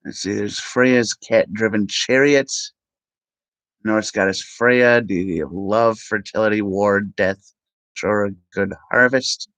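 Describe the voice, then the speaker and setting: A man reads aloud to his vlog audience at an unhurried, plodding pace. His voice sits on the low side, and he often stops with an "uh" or goes back to fix a word. The sound is dry and close, with no room echo. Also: a bit bright. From Minnesota. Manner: halting, with ums and self-corrections. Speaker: vlogger. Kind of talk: reading aloud from web pages.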